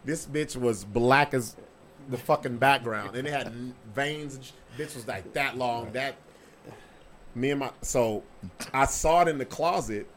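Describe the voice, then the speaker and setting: A man's voice: mid-range voice, unhurried. A man hosting a podcast, telling stories in casual chat with a swaggering, profane delivery. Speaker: podcast host.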